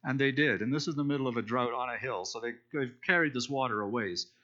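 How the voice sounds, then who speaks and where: A fast-talking man with a mid-range voice and a bright, forceful tone retells a scripture story while teaching a Bible study. His sermon is conversational and explanatory, dotted with fillers and restarts, and the lo-fi recording sounds dull.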